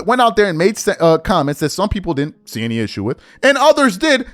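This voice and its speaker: A man with a high, very lively voice delivers emphatic, slangy opinion commentary, sometimes mocking others. His voice is recorded close and dry, with faint music underneath. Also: dry recording. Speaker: commentary host.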